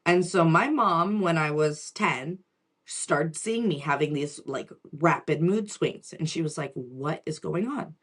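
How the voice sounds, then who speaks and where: A woman's voice: low voice, measured pace, husky. A woman in her forties, a spiritual reader, telling a personal story in a chatty way with frequent restarts and asides.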